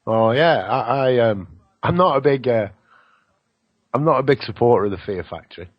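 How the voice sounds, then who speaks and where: A man's voice: medium pitch, lively intonation, moderate pace, lo-fi sound. A man hosting a radio show, rambling through a spiritual monologue, swearing now and then and slipping into mocking voices for other people.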